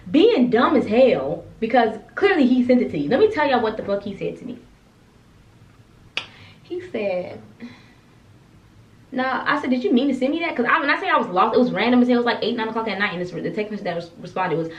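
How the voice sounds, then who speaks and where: Animated young woman in an echoey room. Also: fairly high pitch, brisk. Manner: animated, expressive, profane. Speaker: soldier telling a story time. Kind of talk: casual storytime vlog. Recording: echoey, distant, dull room recording.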